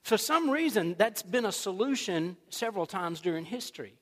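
A man preaching a sermon, retelling a story in a conversational, folksy, animated way. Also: high-pitched, moderate pace. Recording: long reverb in a large hall.

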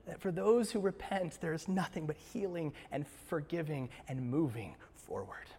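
A man pastor preaching a sermon in a church, moving between hushed passages and emphatic ones, with playful asides to the congregation. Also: on the high side, normal speed, gravelly, breathy edge, long reverb tail. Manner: passionate, swings from hushed to emphatic. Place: church sanctuary.

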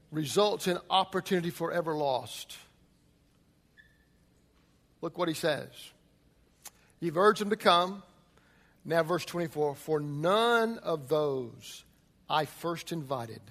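A man preaching a sermon as pastor, emphatic, swinging from loud urgency to quiet intensity. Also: on the high side, big-room sound.

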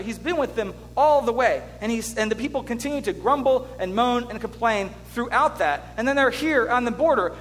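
A man preaching a sermon as pastor, earnest and animated, telling the story with restarts. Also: extremely high pitch. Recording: long hall reverb with faint hum.

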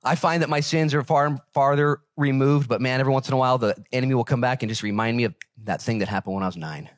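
A male pastor preaching a sermon in an animated, conversational way and joking with the congregation. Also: medium pitch, fast talker, dry recording, studio quality.

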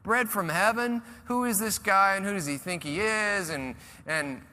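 A man's voice: sits high, measured pace, sharp tone, voice pushed up, exaggerated voice. A man voicing indignant, skeptical male religious leaders who fire off incredulous questions. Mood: scoffing. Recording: reverberant hall.

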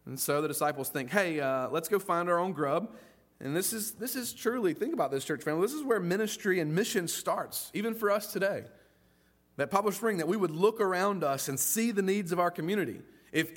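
A pastor with a voice that sits high preaches a sermon in a lively, folksy style. He often acts out the voices of the people in his story.

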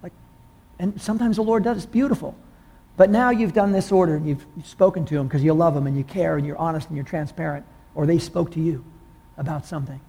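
A man with a notably high voice preaches to his congregation in a loose, conversational style. He asks the room questions, and his pitch climbs even higher when he gets excited. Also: quick pace, creaky, husky. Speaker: pastor. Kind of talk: sermon.

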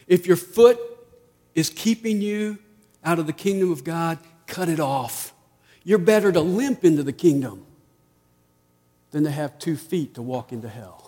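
Man, pastor, sermon, emphatic swells then quiet asides, long hall reverb. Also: a little high. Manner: preaching, rising to emphatic peaks then dropping to quiet asides.

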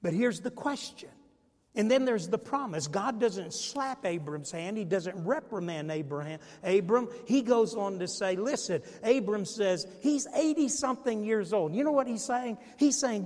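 High-voiced preacher in a reverberant sanctuary. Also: male voice, moderate pace, darkish tone. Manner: emphatic, call-and-response questions. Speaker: pastor. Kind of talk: sermon.

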